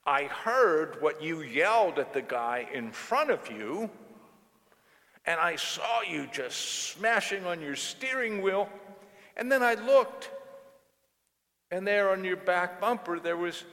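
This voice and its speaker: A priest doing a polite police officer. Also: male voice, fairly high pitch, fairly bright tone, voice pushed up. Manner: patient, matter-of-fact, polite "ma'am". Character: police officer, calm male, explaining an arrest. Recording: long church reverb.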